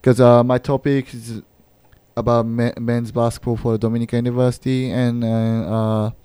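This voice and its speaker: Mellow, hesitant radio host. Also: male voice, medium pitch, normal speed, clean tone, dry recording. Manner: relaxed, hesitant with many fillers. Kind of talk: casual radio chat.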